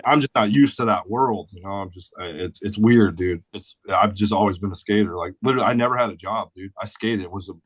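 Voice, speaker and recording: A man's voice: lowish voice, brisk, few pauses, husky, no echo. A man in his forties from the St. Louis area, a podcast guest telling stories in a blunt, laid-back way full of swearing and "dude". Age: 40s. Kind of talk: casual storytelling chat.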